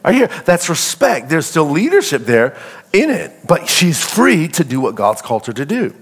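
A middle-aged pastor preaches in a loose, conversational call-and-response style, calling out to his congregation and acting out little scenes with animation. His voice is a little high and slightly rough, at a moderate pace.

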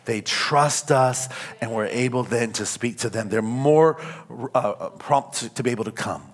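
A man preaching a sermon in church, emphatic, with call-and-response lines that rise to shouts on key points. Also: mid-range voice, measured pace. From California. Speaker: pastor. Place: church sanctuary.

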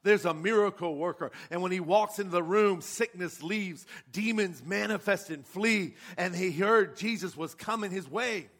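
A man's voice: high-pitched, moderate pace, hardly any pauses, fairly bright tone. A man preaching a sermon with passion, asking his congregation rhetorical questions. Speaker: pastor.

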